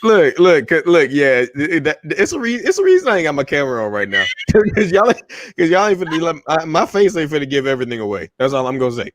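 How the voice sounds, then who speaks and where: A man's voice: on the high side, sing-song, fast, no echo. A man joking and bantering with laughter on a live panel chat.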